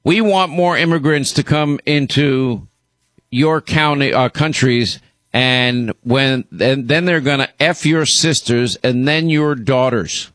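A man's voice: mid-range voice, slow, fairly bright tone, no echo. A man hosting a radio and podcast show, talking in a blunt, indignant way with many restarts. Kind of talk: talk radio commentary.

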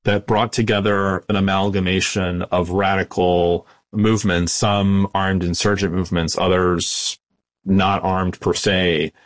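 A man explaining history at length in an interview, measured, with frequent restarts. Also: deep voice, level tone, dry recording. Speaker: guest historian. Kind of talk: interview answers.

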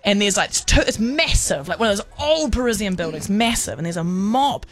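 A woman co-hosting a radio show, telling an animated story in casual chat, peppered with British slang and drawn-out terms of endearment. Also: mid-range voice.

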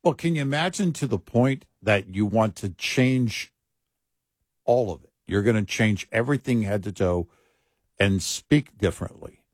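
A man from Texas co-hosting late-night radio talk, chatty and expressive. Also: lowish voice, measured pace, slightly rough, dry recording, clean studio sound.

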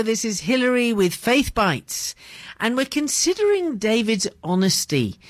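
Lively high-voiced woman giving a devotional. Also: no room sound. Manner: gentle, pastoral, addresses listener as beloved. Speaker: radio devotional host. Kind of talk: short devotional talk.

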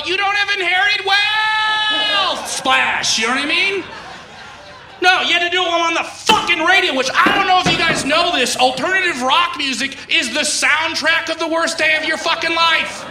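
A man doing a stand-up comedy bit, ranting and shouting with mock crying. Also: extremely high pitch, echoey room, very noisy.

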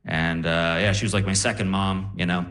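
A young man performing a stand-up set on stage, animated and laughing as he acts out voices. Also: low-pitched, brisk. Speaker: stand-up comedian. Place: comedy stage before a live audience.

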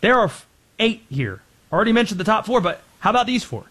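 A man with a fairly high voice for a male, delivering sports commentary as host. His talk is brisk and opinionated, as he ticks through names and makes his picks. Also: very animated, fairly bright tone, slightly rough. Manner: brisk, opinionated delivery, ticking through lists of players and teams.

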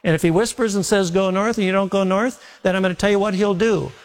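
A man's voice: high voice, fairly even intonation, fast. A male pastor preaching a sermon in a folksy, repetitive way, telling homely stories. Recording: long reverb of a large hall.

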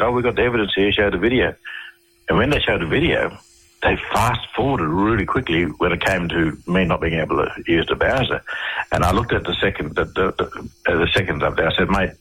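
A middle-aged Australian man telling stories as an interview guest, halting and restarting his sentences often. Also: sits low, fairly bright tone, husky, rough recording. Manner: halting, with many restarts and repeated words. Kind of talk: storytelling in a radio interview.

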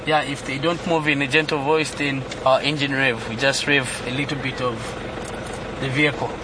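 A man on a night patrol in a vehicle, talking to elephants in a gentle, coaxing voice. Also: mid-range voice, fairly even intonation, moderate pace. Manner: coaxing, soft repeated urging. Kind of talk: on-location field talk. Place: inside a vehicle outdoors at night. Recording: outdoor noise from a car.

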